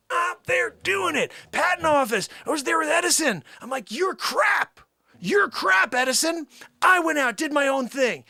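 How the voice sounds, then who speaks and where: A man playing a boastful male time traveler who claims famous past lives, rambling with shouting outbursts. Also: mid-range voice, husky, dry recording, pitched below the performer's own voice, exaggerated voice.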